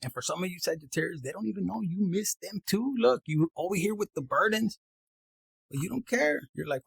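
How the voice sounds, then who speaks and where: Man, casual tarot reading, animated and slangy, husky, dry close sound. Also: sits high, fairly quick, no room sound, low-quality recording. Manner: animated, slangy, mixes in Spanish phrases. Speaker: tarot reader.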